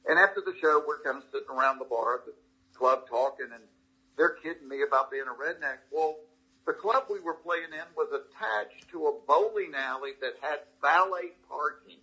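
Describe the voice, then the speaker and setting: Husky bright-voiced Southern man telling stories. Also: fairly high pitch, lo-fi sound. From Georgia, US. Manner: animated, folksy anecdotes with quick restarts. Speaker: comedian guest. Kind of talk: casual interview storytelling.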